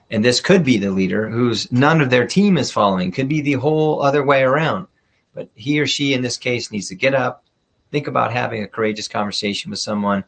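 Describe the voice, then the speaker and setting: A middle-aged man giving a workshop talk as a leadership coach, direct and blunt in a coaching tone. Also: on the low side.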